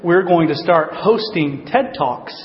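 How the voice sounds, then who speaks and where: Guy preaching at church, chatty and jokey, lots of ums, kinda high voice, echoey hall. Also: expressive, measured pace. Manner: conversational and joking, with frequent ums and you-knows. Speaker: pastor. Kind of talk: casual sermon. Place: church worship gathering hall. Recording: dull, roomy hall recording.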